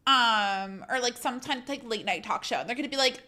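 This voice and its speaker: A woman's voice: fairly high pitch, animated, brisk, sharp tone. A young woman streamer chatting casually with viewers, rambling and self-mocking with frequent laughter.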